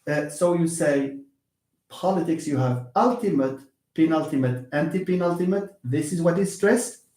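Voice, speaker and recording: Male English teacher, running a live lesson; slightly high voice, animated, with an echoey room sound. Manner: lively, switches between fast asides and slow syllable-by-syllable explanation. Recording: roomy echo.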